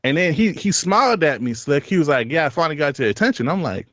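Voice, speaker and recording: A man's voice: fairly high pitch, sing-song, quick pace, few pauses, a bit bright, no echo, dull audio. A man with a Brooklyn accent telling a story on a podcast in slangy street talk, laughing as he goes. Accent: Brooklyn, New York. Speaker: podcast co-host. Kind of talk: casual storytelling chat.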